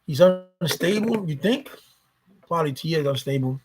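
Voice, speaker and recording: A man's voice: a little high, lively intonation, moderate pace, darkish tone. A man talking casually to his vlog viewers, rambling and swearing freely, often repeating himself. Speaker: YouTuber.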